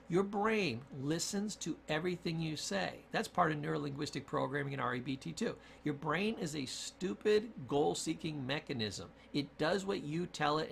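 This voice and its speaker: A man's voice: a little high, vocal fry, a bit bright, slight background noise. A man giving an emphatic motivational lesson on self-talk and word choice, repeating key points for stress. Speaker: communication coach.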